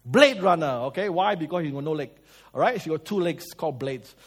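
Lively male preacher. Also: a little high, brisk, breathy edge. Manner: lively storytelling, swings between loud and soft; asks the audience questions. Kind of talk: sermon.

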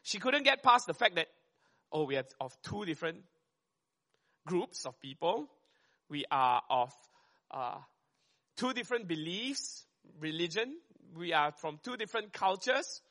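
Bright, quick-talking man preaching. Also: high-pitched, big pitch swings. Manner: quick and conversational, often checks in with "right?". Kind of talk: sermon.

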